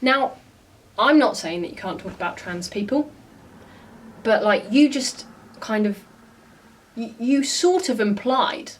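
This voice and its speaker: A woman's voice: on the high side, lively intonation, takes it slowly, long pauses, far from the mic. Blunt, exasperated woman vlogger. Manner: exasperated, blunt, swears freely. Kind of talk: casual reaction commentary.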